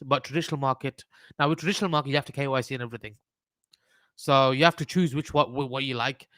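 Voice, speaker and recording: A man's voice: medium pitch, fairly bright tone, no room sound, studio quality. A man with a Birmingham accent hosting a trading livestream, talking through charts in a rambling, casual way, swearing and joking with his chat. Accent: Birmingham English.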